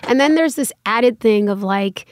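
A woman's voice: on the high side, normal speed, a little mellow, a little hiss or hum. A woman in her thirties talking casually as a podcast guest, with lots of "like" and restarts. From United States. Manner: chatty, many fillers and restarts. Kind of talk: casual interview conversation.

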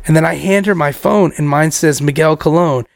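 A young man spins a wild story in casual talk, his voice high and gravelly with plenty of fry. He swears freely and laughs as he goes, and the sound is dry and close, with no room echo. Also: moderate pace. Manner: animated, profane, laughs through the story. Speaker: podcast co-host telling a story.

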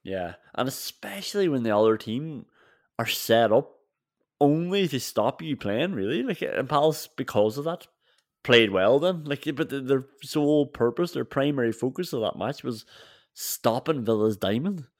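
A man co-hosts a football podcast, chatting casually with laughter and restarts. He has a medium-pitched voice with lively intonation and normal speed, recorded dry in studio quality.

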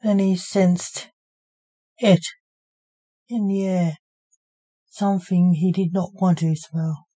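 A woman reading her own story aloud as its author, in an even, unhurried storybook narration. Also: fairly low pitch.

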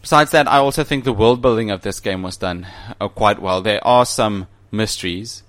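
A man's voice: lowish voice, moderate pace, fairly bright tone. A man co-hosting a casual podcast, enthusiastic, often restarting his sentences. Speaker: podcast co-host. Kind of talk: casual chat.

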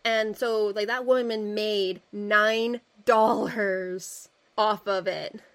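A woman's voice: mid-range voice, fairly even intonation, takes it slowly. A woman co-hosting a podcast, telling a history story casually and using "like" a lot. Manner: casual, uses filler "like". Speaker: podcast co-host.

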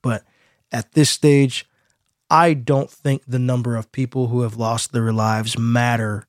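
A man's voice: mid-range voice, measured pace, no room sound. A man co-hosting a podcast, chatting casually and telling his stories with animation. His voice sits around the middle of the range, recorded close and dry with no room sound. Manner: animated storyteller, laughs easily. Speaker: podcast co-host.

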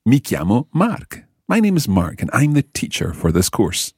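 Guy teaching a language, low voice, bouncy up and down, bit husky, dry close mic. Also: huge pitch swings, normal speed, no echo. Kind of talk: scripted podcast lesson.

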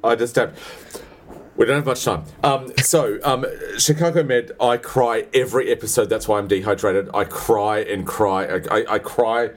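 A man with a low voice co-hosting a casual podcast. He gushes with theatrical emphasis, stumbling over fillers and repeated starts. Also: steady tone, moderate pace. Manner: theatrical, gushing, hesitant fillers. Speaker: podcast co-host.

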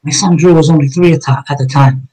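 A man's voice: fairly high pitch, steady tone, fast talker, mellow, slightly rough, rough recording. A man, a police officer, telling his own story in a conversation, blunt and emphatic with heavy cursing.

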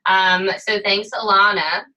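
A woman's voice: medium pitch, fairly even intonation, a little slow, bright, forceful tone, poor audio. A woman in her thirties co-hosting a podcast in casual chat, playful and teasing, laughing often. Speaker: podcast co-host.

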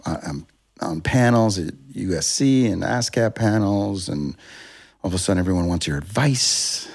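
A man's voice: on the low side, vocal fry, a little mellow. A man, a music producer, telling a long story in a casual interview, rambling and restarting, acting out what people said. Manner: rambling, self-interrupting, acts out quotes.

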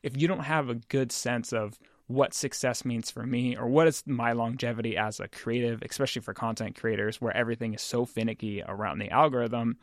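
A man's voice: medium pitch, steady tone, a little fast, hardly any pauses, no echo. Man, podcast guest, mid-range voice, reflective, rambling, dry sound. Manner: reflective, rambling, with filler words. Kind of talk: casual chat.

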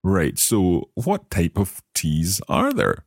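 A man with a very deep voice that moves widely in pitch, talking at an unhurried pace as he quizzes his teacher. His tone is a little husky, and the close, dry sound keeps him right at the ear. He asks question after question and carefully repeats each new phrase. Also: huge pitch swings, no echo. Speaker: language learner co-host. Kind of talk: conversational language lesson.

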